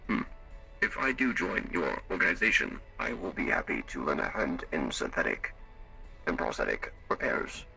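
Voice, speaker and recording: A man voicing a formal augmented alien with servos, speaking in a measured, clipped way in a live role-play. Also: a bass voice, huge pitch swings, gravelly, bright, forceful tone, breathy edge, exaggerated voice. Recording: distant mic with faint music.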